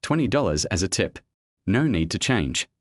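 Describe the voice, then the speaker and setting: A cheeky young man who talks his way out of trouble with sheepish teasing, as the narrator reads him. The voice sits low but moves a lot in pitch. It is recorded dry and close for an audiobook. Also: very animated, normal speed, no room sound.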